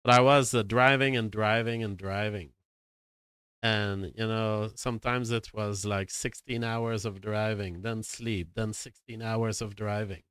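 A man's voice: on the low side, steady tone, unhurried, fairly bright tone, smooth, dry recording. A man from Canada telling a rambling, profane, self-dramatizing anecdote. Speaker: storyteller. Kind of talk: casual anecdote.

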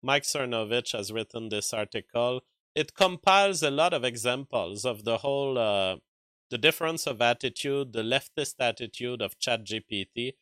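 In casual livestream commentary, a man with a French accent reads his chat and talks back argumentatively, his loose speech heavy with fillers and restarts. He's animated at a normal speed, with a sharp, medium-pitched voice and no echo.

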